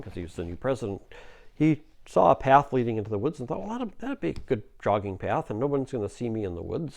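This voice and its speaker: A man with a gravelly voice tells a story in a loose, folksy way. He rambles a little, with fillers and slips along the way. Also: mid-range voice, darkish tone. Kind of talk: casual spoken storytelling.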